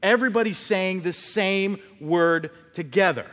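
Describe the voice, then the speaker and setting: A man's voice: high-pitched, measured pace, a bit bright. A male pastor preaching a conversational sermon, telling stories and acting out short quotes. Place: church sanctuary. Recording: long church reverb.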